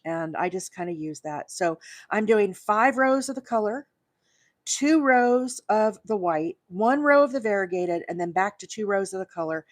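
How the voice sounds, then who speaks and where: A woman from Alabama chats her way through a live crochet demo, filling gaps with "uh" and "you know" and joking at her own expense. Her voice sits at an ordinary pitch and comes across close and dry, with no room echo. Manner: chatty and self-deprecating, with many fillers and asides to viewers. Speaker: crochet livestream host. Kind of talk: casual live crochet tutorial.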